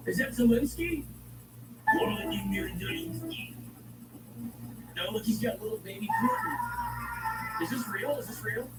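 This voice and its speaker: A man from Virginia giving casual, jokey reaction commentary, dropping to whispers and jumping to yells. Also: very high voice, lively intonation, a little slow, pauses often, reverberant, recorded from a distance, loud music behind the voice, poor audio. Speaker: streamer reacting to videos.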